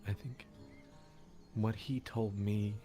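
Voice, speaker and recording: A worried, loving farm wife, as a deep-voiced man puts her on in a tabletop game. She pleads in low, hushed near-whispers, over clear background music. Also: steady tone, slow.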